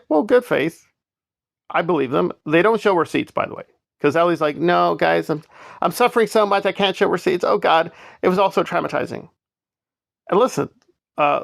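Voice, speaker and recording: A man's voice: fairly high pitch, vocal fry, a bit bright, dry recording, clean studio sound. A man giving sarcastic, scornful commentary on online drama.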